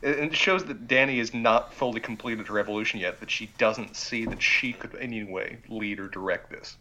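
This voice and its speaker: A man co-hosting a casual recap podcast, mixing thoughtful analysis with excited outbursts. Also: fairly low pitch, fairly quick, a little hiss or hum, poor audio. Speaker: podcast co-host.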